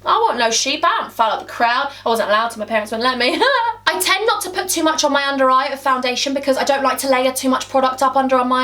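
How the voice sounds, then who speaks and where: A woman's voice: high-pitched, fairly bright tone, distant mic, a little hiss or hum. A young English woman chatting and rambling playfully through a makeup tutorial, calling her viewers huns. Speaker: beauty vlogger.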